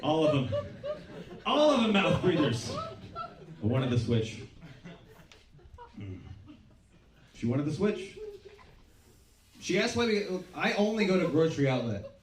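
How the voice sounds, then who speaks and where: A middle-aged man working a stand-up set, talking in a deadpan, self-mocking way and cursing freely. His voice sits fairly high and jumps around a lot. He is heard from across an echoey club room. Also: a little slow, pauses often. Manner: deadpan, self-deprecating, swearing freely, mimicking his daughter. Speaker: stand-up comedian. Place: small comedy club stage. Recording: roomy club sound from a distance. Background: audience laughter.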